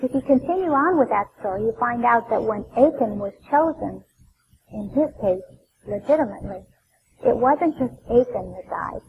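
A woman teaching an expository Bible lesson, telling the story with animated emphasis and voicing the scripture quotes. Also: a little high, narrow, tinny audio, a little hiss or hum.

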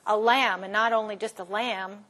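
A woman teaching a Bible study, retelling the story in a lively way and posing questions to the class that she then answers herself. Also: mid-range voice, moderate pace.

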